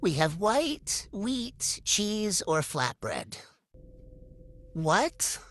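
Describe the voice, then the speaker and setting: A woman's voice: medium pitch, very animated, very slow, voice pushed down. A woman playing a puzzled sandwich shop worker at the counter.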